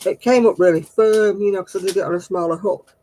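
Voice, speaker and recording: A woman's voice: medium pitch, steady tone, quick pace, warm tone, slight background noise, poor audio. A woman hosting a casual live video chat, talking about knitting while coaxing and scolding a restless dog. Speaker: host of a live stream. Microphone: computer or phone on a video call.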